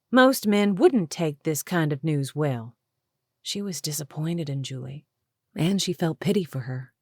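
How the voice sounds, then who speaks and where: A woman with a low voice reads a romance audiobook, measured and even. The sound is dry and close, with no room around it. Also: no room sound. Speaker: audiobook narrator. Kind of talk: scripted narration.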